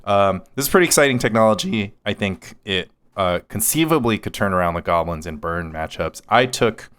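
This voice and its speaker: A man with a low, smooth and clear voice, chatting casually as a podcast co-host. He teases his partner dryly and laughs often. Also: expressive, a little fast, fairly bright tone. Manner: dry, teasing, laughs often. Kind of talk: casual chat.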